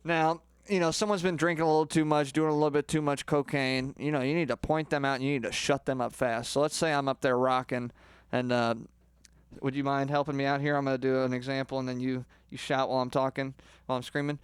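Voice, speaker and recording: A man's voice: medium pitch, level tone, quick pace, clean tone, dry recording. A man posing as a rock star singing teacher, rambling in a boastful, crude way through a comedic lesson.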